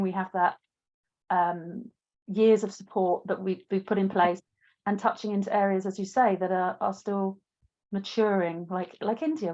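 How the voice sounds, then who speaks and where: Measured corporate woman, slightly muffled. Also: medium pitch, a little mellow. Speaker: guest speaker on inclusion. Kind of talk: panel interview.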